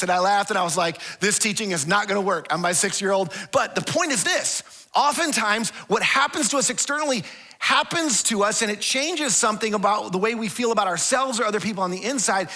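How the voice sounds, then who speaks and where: A male pastor preaching with a high, bright, ringing voice. His delivery is conversational and lively. He often restarts and repeats words, and he acts out the voices in his stories. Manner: animated storytelling with acted-out quotes. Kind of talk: sermon.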